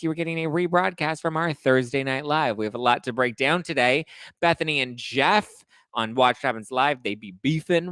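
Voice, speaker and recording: Male gossip-show host, middle pitch, slangy and animated, dry close sound. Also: clean tone, no room sound. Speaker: host of a reality TV gossip livestream and podcast. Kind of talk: casual chatty pop-culture recap.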